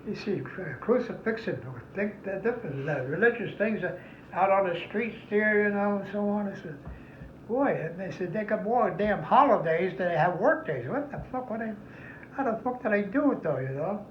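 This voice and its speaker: A man's voice: high voice, lively intonation, normal speed, slight background noise. An older man, a veteran, recounting his memories in a rambling, heavily profane oral history interview. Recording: echoey, somewhat muffled room recording.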